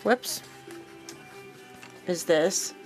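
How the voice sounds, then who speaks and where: A woman casually walking viewers through a craft project, relaxed and rambling, with frequent fillers and self-corrections. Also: very slow, soft background music, poor audio. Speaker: crafting vlogger. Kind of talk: casual show-and-tell walkthrough.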